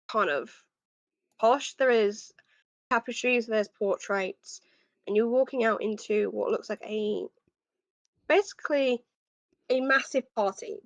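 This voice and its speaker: A woman narrating a tabletop game as game master, describing scenes with frequent pauses. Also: medium pitch, no echo.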